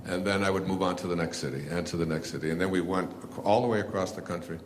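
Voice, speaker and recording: Low-voiced older man telling a rambling story. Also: fast, a little hiss or hum. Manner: rambling with many fillers and restarts, laughs at himself. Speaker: speaker telling his story to an audience. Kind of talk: casual storytelling talk. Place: before a live audience.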